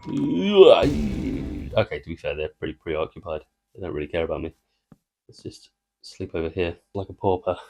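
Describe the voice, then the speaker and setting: A man's voice: rumbling low, fairly even intonation, brisk, a little mellow, soft background music. A man giving casual, rambling commentary while playing a video game, trying to tell a joke and interrupting himself. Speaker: gaming video creator. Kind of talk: casual let's-play commentary.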